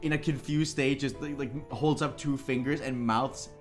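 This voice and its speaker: A man excitedly telling a funny story in a casual group chat. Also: medium pitch, normal speed, faint music behind. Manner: excitable storytelling, laughing retelling. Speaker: guest storyteller. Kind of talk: casual anecdote.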